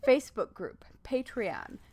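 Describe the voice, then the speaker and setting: A woman's voice: a little high, sing-song, measured pace, a little hiss or hum. A woman co-hosting a podcast, chatting casually and playfully. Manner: playful, rhyming intro read in a hushed spooky tone. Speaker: podcast co-host. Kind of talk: casual chat.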